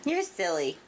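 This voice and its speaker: A woman's voice: mid-range voice, a little hiss or hum. Woman cooing baby-talk at puppies. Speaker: puppy owner filming her litter. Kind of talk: casual talk to pets. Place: indoors at a puppy pen.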